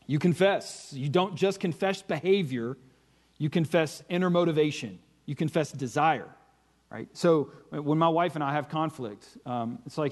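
A man with a somewhat high voice gives a conversational sermon-style teaching. He talks earnestly, rephrasing and restarting as he goes. He often pauses to ask his listeners whether they follow him. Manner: earnest, searching for words, often checks "do you see what I'm saying". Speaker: Christian teacher.

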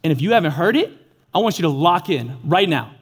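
Young male preacher, high voice, lively storyteller who acts out the dialogue. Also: brisk, slightly rough. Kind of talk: energetic sermon.

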